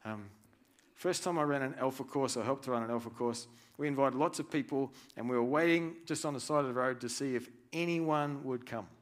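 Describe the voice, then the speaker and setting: A man preaching a sermon, reading scripture aloud and swinging between hushed and loud, animated delivery. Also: mid-range voice, a little fast. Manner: reads scripture aloud with feeling.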